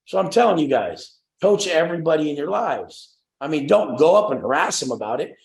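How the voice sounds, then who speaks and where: A young man, brash and expressive, drives a motivational group coaching session at a fairly quick pace, cursing freely and mimicking the people he mentions. His voice is gravelly and a bit high, and the recording has a roomy echo.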